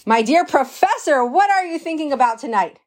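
A woman's voice: sits high, expressive, fairly quick, darkish tone, pitched above the performer's own voice. A woman voicing an anxious wealthy male landowner who frets over his horse and gushes over his watchman. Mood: impressed. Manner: fretful, then gushing with praise.

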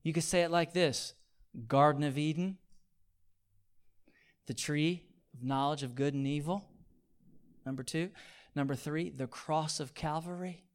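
A man preaching a sermon, asking his listeners for amens and swinging between hushed, near-whispered points and loud, pleading repetition. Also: a little high, steady tone, measured pace, long pauses. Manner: call-and-response, asking the audience for amens.

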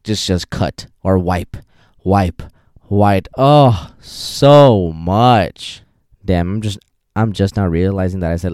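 Young male podcast host, excitable rambling rant, low mellow voice. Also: clear, resonant tone, dry recording, studio quality. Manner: animated, rambling, enthusiastic. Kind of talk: casual movie rant.

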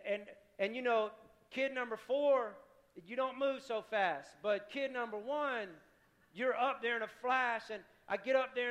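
A middle-aged man preaching a sermon, telling a story with feeling and repeating words in quick bursts. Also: very high-pitched, fairly bright tone. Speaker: pastor. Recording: music playing behind.

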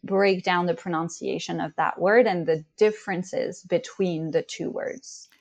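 A woman's voice: fairly low pitch, fairly even intonation, measured pace, creaky, darkish tone. A woman co-hosting an English-learning podcast, explaining grammar rules carefully with small hesitations. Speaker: English teacher co-host. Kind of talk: educational podcast chat.

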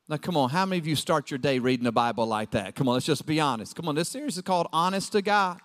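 A man preaching a lively sermon, shouting some lines and dropping to low asides as he acts out his listeners. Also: quick pace, hardly any pauses, big-room sound. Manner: acts out quoted voices of the congregation. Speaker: pastor.

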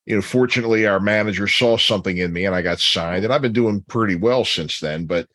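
A man's voice: fairly low pitch, fast talker, a bit bright, dry recording. A man hosting a casual chat, talking hesitantly with many fillers. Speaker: host.

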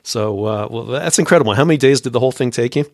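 A man hosting a casual interview, asking halting questions with many fillers. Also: medium pitch, a little mellow. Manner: hesitant questions with fillers, laughs along. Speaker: podcast host.

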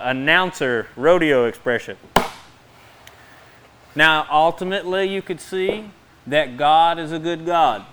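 Fast-talking folksy preacher man. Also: a little high, fairly bright tone. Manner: fast-talking, folksy, quick bursts of emphasis; bursts of emphasis between quick asides. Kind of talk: sermon.

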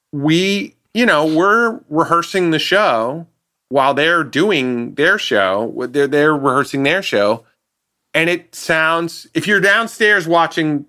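A man, a guest sound designer, telling an animated anecdote on a podcast and acting out the people he quotes. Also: on the high side. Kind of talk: casual podcast storytelling.

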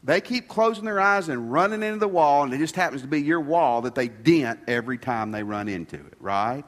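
Folksy preacher in a reverberant hall. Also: male voice, medium pitch, expressive, brisk, a bit bright. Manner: folksy, conversational preaching with rhetorical questions. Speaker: pastor. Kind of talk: sermon. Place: church sanctuary.

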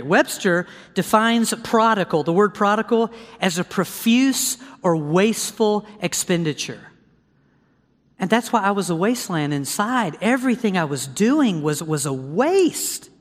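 A male preacher giving a testimony sermon in a lively, storytelling way, talking right to his listeners. His voice sits high for a man. The sound carries a long reverb tail, as in a big hall. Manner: animated storytelling, addresses audience directly.

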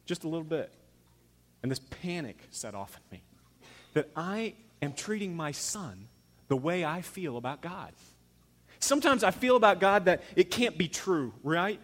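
A man in his thirties preaching a sermon as pastor, emphatic, swinging between loud urging and hushed near-whispers. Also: fairly high pitch, very animated, measured pace, big-room sound.

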